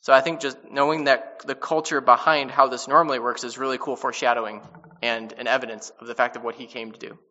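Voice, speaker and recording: A man with a bright, forceful voice teaches scripture in an easygoing, conversational way, breaking off and restarting as he paraphrases. His voice rings with a long reverb, as if in a large hall, and the recording sounds somewhat dull. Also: medium pitch, steady tone. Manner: casual and conversational, with many restarts and quick paraphrases. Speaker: Bible teacher. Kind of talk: informal Bible study teaching.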